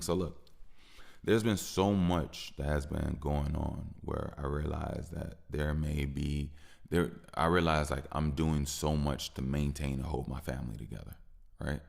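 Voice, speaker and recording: A man with a deep voice, hosting a podcast and venting frustrated in a personal monologue, repeating himself and growing heated at times. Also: vocal fry. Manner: frustrated, repetitive, rising into heated stretches. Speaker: podcast host.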